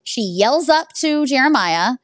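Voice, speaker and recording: A woman's voice: sits high, expressive, unhurried, no echo, clean studio sound. A woman who owns an escape room, telling stories animatedly in a casual interview and laughing along the way. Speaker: guest.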